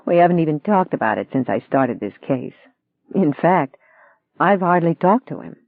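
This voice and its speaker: A reader voicing a young woman lawyer, heated and pleading, in a higher-pitched voice. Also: very animated, moderate pace, dry recording, full character voice. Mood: teasing. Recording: dry tinny phone-like sound.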